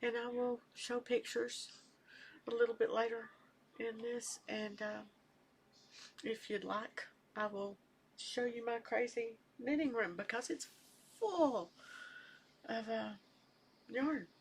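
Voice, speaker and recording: An older woman chatting casually at home as a knitting vlogger, rambling and soft-spoken, sometimes trailing off into near-whispers. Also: on the high side, fairly even intonation, takes it slowly, pauses often, husky. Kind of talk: casual chat.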